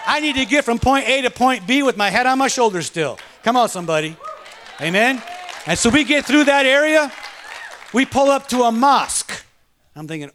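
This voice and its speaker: A man's voice: very high-pitched, animated, moderate pace, a bit bright, some chatter behind. A male pastor preaching a sermon and telling a personal story, fervent and calling out to the congregation. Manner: fervent, punctuates with call-outs to the congregation.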